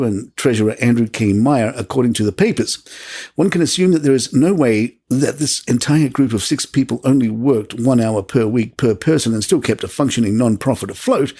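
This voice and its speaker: A man hosting a podcast, reading a scripted news segment in a steady, measured way. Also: medium pitch, husky. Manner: steady, measured delivery of figures and quotes. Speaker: podcast host.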